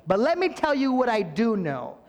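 A man's voice: on the high side, expressive, fairly bright tone, big-room sound. A man doing a blunt, exasperated healed blind man. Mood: defiant. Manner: drawn-out, emphatic, sarcastic.

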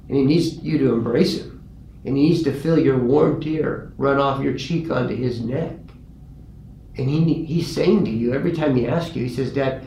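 A pastor telling a story in a conversational way, earnest, and lively when he quotes people. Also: medium pitch. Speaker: pastor and grief guest. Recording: roomy with faint ambient noise.

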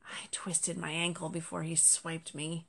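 A woman's voice: lowish voice, a little slow, gravelly, fairly bright tone. A woman voicing an injured, weary male fox who carries the mail, speaking with strain in a storybook reading. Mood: weak, strained.

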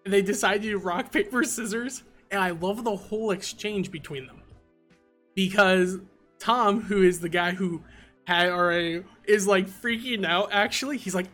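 A man's voice: high-pitched, normal speed, bright, forceful tone, soft background music. A man in casual podcast chat, laughing often and retelling comedy scenes with acted quotes. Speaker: podcast co-host.

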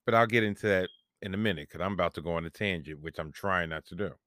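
A man's voice: sits low, fast, fairly bright tone, dry recording, studio quality. A man, hosting a solo podcast and telling a long, rambling, profane story about himself with self-mocking humor. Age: 40s. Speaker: podcast host.

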